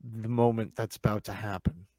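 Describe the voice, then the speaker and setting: A man's voice: lowish voice, fairly even intonation, normal speed, darkish tone, no echo. A man co-hosting a podcast, spinning a mock-dramatic comic scene with swearing. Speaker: podcast co-host. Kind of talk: casual chat, mock-dramatic storytelling.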